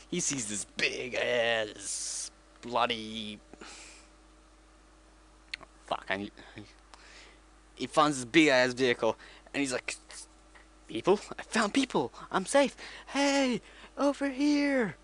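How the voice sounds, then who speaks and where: A man's voice: fairly high pitch, fairly bright tone. Casual male vlogger, rambling comic retelling, self-correcting.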